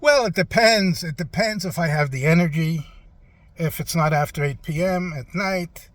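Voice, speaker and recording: A man's voice: on the high side, a bit bright, no echo, lightly acted. A man doing a doddering old president who stumbles through answers, loses his thread and fills the gaps with "uh" in a slightly raised voice. A comic interview impression. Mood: rambling. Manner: halting, trailing off, full of "uh". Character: rambling forgetful elderly male president.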